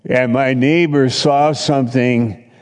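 A middle-aged male pastor preaching in an unhurried, conversational style. His voice is mellow and low-key, and it rings out in a hall with a long reverb. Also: fairly even intonation, clear, resonant tone. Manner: conversational storytelling preacher, voices others in quotes. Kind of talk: sermon.

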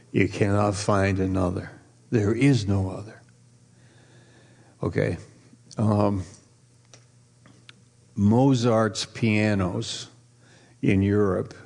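Pastor, male, lower-pitched, gravelly; slow, playful sermon that quizzes the congregation. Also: a little mellow. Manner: drawn-out emphasis on key words.

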